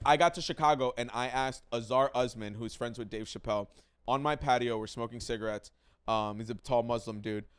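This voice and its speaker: A man's voice: on the low side, a bit bright, clear, resonant tone. A man hosting a casual podcast, talking emphatically, swearing freely and repeating himself for stress. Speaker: podcast host, comedian.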